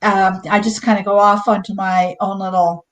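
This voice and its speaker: A woman co-hosting a casual faith chat, conversational and quick to laugh. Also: mid-range voice, level tone, low-quality recording. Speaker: co-host.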